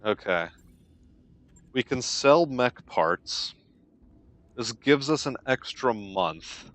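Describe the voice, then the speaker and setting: A man's voice: mid-range voice, animated, takes it slowly, fairly bright tone. A young man giving casual let's-play commentary on a strategy game, with dry, wry understatement.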